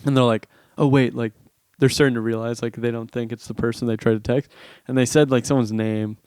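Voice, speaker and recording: A man's voice: mid-range voice, steady tone, a little fast, a little mellow, smooth, dry recording, clean studio sound. A man who is a comedian, telling stories animatedly in a casual podcast chat and laughing often. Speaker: comedian guest.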